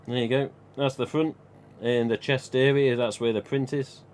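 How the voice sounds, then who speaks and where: A man's voice: medium pitch, steady tone, moderate pace, darkish tone, slight background noise. A man hosting a live stream, talking casually in a chatty, rambling way with frequent chuckles. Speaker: live stream host and collector.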